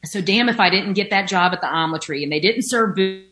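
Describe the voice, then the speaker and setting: Her voice sits at a medium pitch, a touch bright, and she talks quickly. Speaking from home beside a window, the woman shares her story of getting sober from alcohol addiction openly, with many filler words and an occasional swear.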